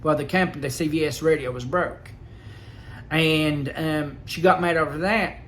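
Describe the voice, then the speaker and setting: A man recounting his experience in a rambling, aggrieved way, halting with fillers. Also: fairly high pitch, steady tone, a bit bright, a little hiss or hum. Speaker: vlogger. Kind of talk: casual personal storytelling.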